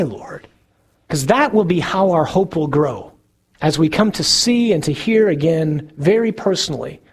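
A man giving a sermon as a priest, earnest, slowing down to stress key words. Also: a little high, darkish tone, slightly rough. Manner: earnest, slows for emphasis.

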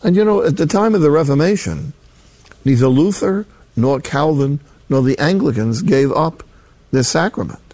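A man's voice: on the high side, expressive, moderate pace, a little mellow, dry recording. An older man, a Catholic priest, preaching a sermon in a folksy, emphatic way with colloquial asides.

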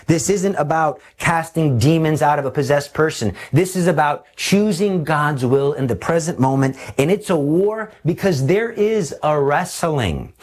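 A middle-aged man preaching a sermon with storytelling, animated and fond of acting out examples. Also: a little high. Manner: animated, shifts into voices for examples.

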